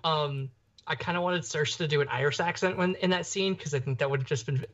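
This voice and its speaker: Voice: medium pitch, a little fast, a bit bright. A young adult podcast co-host talking casually about a film, rambling with lots of fillers and restarts. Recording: dull lo-fi podcast audio.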